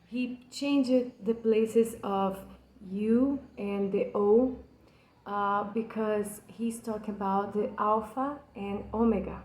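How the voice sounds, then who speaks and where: A woman from Brazil who hosts a channel gives a slow, earnest explanation of a poem in English as a second language, carrying a Brazilian Portuguese accent. Her mid-range voice is a little mellow with fairly even intonation, and she comes across as passionate but hesitant, with many fillers and restarts, on a low-quality recording in an echoey room.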